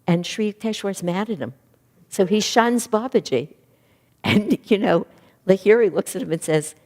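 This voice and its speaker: Low-voiced woman teaching in a reverberant hall. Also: moderate pace. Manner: earnest, reflective, lively when retelling stories. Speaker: spiritual teacher and minister. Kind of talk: spiritual class talk. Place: class room or hall.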